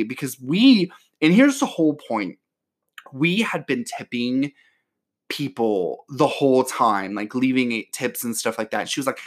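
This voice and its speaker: A man telling a story in a casual, sassy way, full of "like", his voice leaping up when he gets excited. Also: fairly quick. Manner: chatty and sassy, heavy use of "like"; animated, with voice jumping high when excited.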